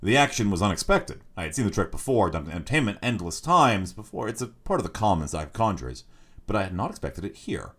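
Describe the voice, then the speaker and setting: Very deep-voiced male storyteller. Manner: expressive storyteller, measured reading. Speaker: streamer reading a story. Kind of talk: scripted narration.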